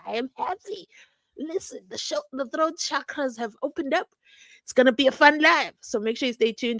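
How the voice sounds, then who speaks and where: A young South African woman with a South African accent, hosting a live stream in a chatty, animated way and acting out the people she quotes. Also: fairly high pitch, no room sound. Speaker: host. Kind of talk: casual live-stream commentary.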